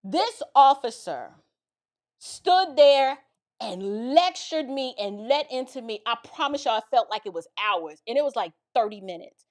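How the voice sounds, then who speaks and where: A woman tells a story from her own life in a relaxed, chatty way. Her voice sits high and swings widely as she builds the drama and keeps turning to her listeners with asides. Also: measured pace. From the Bronx, New York. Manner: animated, dramatic retelling with lots of asides to the listener. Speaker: commentator telling a personal story. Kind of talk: casual storytelling.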